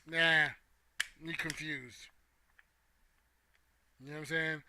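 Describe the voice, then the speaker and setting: A man's voice: a little high, fairly even intonation, slow pace, noisy background. A young man hosting a casual opinion talk, playful and joking with his chat. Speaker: host.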